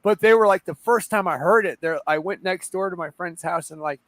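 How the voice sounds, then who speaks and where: An American man with a high voice chats excitedly on a stream. He tells stories with lots of laughter and swearing. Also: a little fast, dry recording. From United States. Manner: excitable, storytelling, laughs often. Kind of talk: casual chat.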